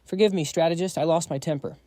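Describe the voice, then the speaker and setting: A loyal henchman with a short temper, in a recap story, voiced by a male narrator. He comes across as hot-headed. The voice is mellow and a little high, recorded dry. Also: quick pace, dry recording, close to an everyday voice. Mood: eager.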